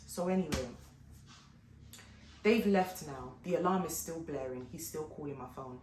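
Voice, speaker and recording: A woman's voice: sits low, moderate pace. Chatty woman in an echoey room. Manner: animated, chatty retelling with frequent asides to viewers. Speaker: fashion and lifestyle vlogger. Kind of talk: casual storytelling vlog. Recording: echoey room with faint background noise.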